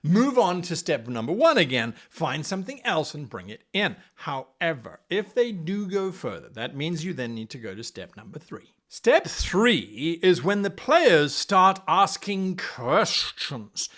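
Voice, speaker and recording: Enthusiastic male game-master coach, high voice, wide swoops, acts out players. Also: measured pace, hardly any pauses. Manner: animated, playfully acts out players and dabbles in accents. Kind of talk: enthusiastic advice video.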